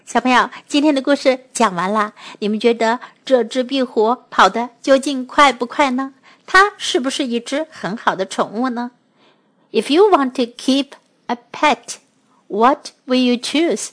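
Slow, high-voiced woman teaching children. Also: a bit bright. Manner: slow, clear repetition for children. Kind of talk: bilingual children's lesson.

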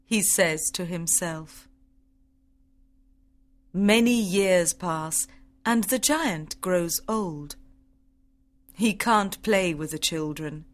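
Slow, careful woman narrator. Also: medium pitch. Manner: slow, clear, carefully paced reading. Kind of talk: graded-reader audiobook narration for English learners.

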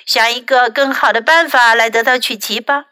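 A woman voicing a patient mother who gently but firmly teaches her son manners. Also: a little high, steady tone, moderate pace, clear, resonant tone, no room sound. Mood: gentle.

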